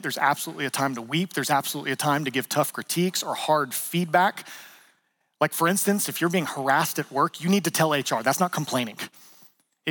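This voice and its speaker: A pastor in his thirties with a voice on the high side preaches a sermon in a conversational, animated style. He acts out quotes and jokes with the congregation.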